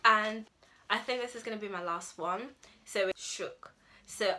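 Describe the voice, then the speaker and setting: Explaining slang to the camera, a young adult language vlogger from the United Kingdom is chatty and filler-heavy, acting out example phrases. She talks at a measured pace, her medium-pitched voice pushed and bright.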